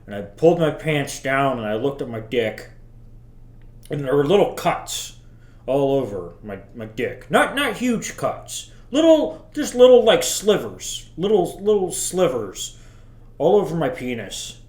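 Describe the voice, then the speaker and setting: An actor playing a bitter, self-pitying middle-aged father who rambles crudely to his son in a deadpan comedy monologue. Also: a little high, a little slow. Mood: rambling. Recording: roomy echo.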